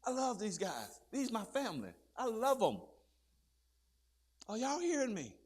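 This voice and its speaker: A man preaching a fiery sermon, swinging from low murmurs to loud shouted peaks and calling out questions to his listeners. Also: wildly swooping pitch, measured pace, husky. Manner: calls out to the crowd with repeated questions.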